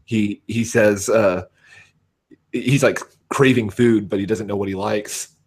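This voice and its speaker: A man with a West Coast American accent, chatting casually as a livestream guest, halting often with fillers. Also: fairly low pitch, fairly even intonation, breathy edge. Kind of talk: casual chat.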